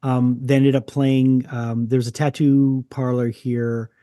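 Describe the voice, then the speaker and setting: Mellow rambling man host, dry sound. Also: mid-range voice, level tone, slow, clear, resonant tone, no room sound. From Canada. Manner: rambling storyteller, restarts sentences. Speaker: podcast host. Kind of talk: casual interview chat.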